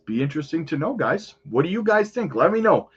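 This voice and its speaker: A man's voice: fairly high pitch, big pitch swings, fairly quick, slightly rough, highs cut off. A man hosting a crypto channel, chatting casually over market charts and often calling out to his viewers.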